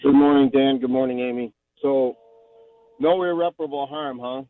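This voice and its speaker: A man's voice: medium pitch, moderate pace. A man calling in to a radio show, ranting angrily and sarcastically with repeated phrases. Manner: angry, sarcastic, repetitive. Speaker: caller. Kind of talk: call-in radio rant. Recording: tinny phone line.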